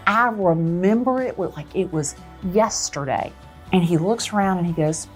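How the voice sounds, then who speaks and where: Brief: expressive woman realtor, lowish voice, faint music behind. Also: moderate pace. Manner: dramatic, expressive storyteller. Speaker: real estate agent. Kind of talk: animated storytelling.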